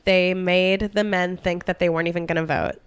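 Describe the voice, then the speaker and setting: A young woman recounts history on a comedy podcast, breezy and joking as she tells the tale. Her voice is smooth and clear, recorded close and dry with no room sound. She keeps it conversational, tossing in asides. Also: lowish voice, steady tone, a little fast, no room sound. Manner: storytelling with jokes and asides. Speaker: podcast co-host. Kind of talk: casual comedic history chat.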